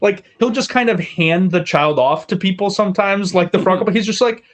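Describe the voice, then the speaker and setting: A man's voice: high-pitched, normal speed. A man co-hosting a podcast in casual chat, wry and chuckling as he mimics characters. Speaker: podcast co-host. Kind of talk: casual chat recapping a TV episode.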